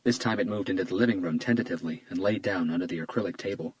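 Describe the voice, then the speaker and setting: A man narrating a crime novel audiobook in a steady, even storytelling manner. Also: sits low, very fast, no echo, highs cut off. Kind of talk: scripted narration.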